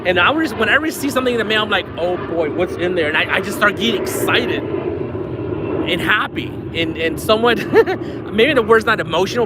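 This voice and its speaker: A high-voiced man, with background noise around him, runs a fishing livestream from the riverbank. He reads super chats aloud in a chatty, appreciative manner, a little out of breath.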